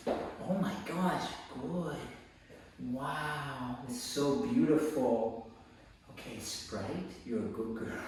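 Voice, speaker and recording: A man teaching dog training, explaining calmly and switching to high coaxing praise for the dog. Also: slow pace, pauses often. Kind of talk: hands-on training lesson. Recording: very echoey, distant mic, faint noise.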